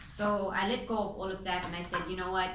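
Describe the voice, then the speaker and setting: A woman's voice: medium pitch, flat delivery, fairly quick, fairly bright tone, slight background noise. A woman giving a casual spoken tarot reading as its reader, chatty and informal, with the odd swear word. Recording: echoey room with faint ambience.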